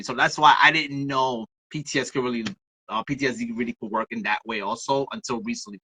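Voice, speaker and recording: A woman's voice: rumbling low, husky, no room sound, poor audio. A woman guest on a podcast, talking casually and acting out the voices of people she quotes as she tells her stories. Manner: animated storyteller, acts out quoted voices. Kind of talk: casual conversation.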